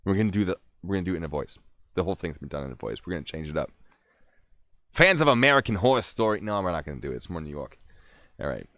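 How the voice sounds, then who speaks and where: A man's voice: rumbling low, racing, no echo. A man hosting a casual livestream, reading out true-crime trivia and adding joking, sarcastic asides. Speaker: streamer reading stories.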